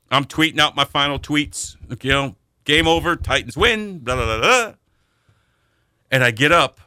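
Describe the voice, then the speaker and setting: A man co-hosting a sports radio show, telling stories in an animated way and acting out the voices in them. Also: medium pitch, smooth, dry recording, clean studio sound. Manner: animated storyteller, acts out shouting voices in anecdotes. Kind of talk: casual sports talk storytelling.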